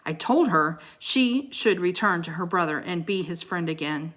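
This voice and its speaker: A woman voicing a calm, gentle girl who speaks softly in a storybook. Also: fairly low pitch, moderate pace. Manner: soft, hushed.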